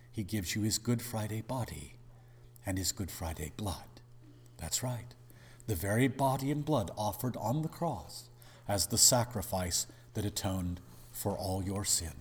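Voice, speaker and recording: A man's voice: on the low side, a little mellow, slightly rough, in a large hall. A male pastor preaching a sermon in an emphatic, dramatic way, with rhetorical questions.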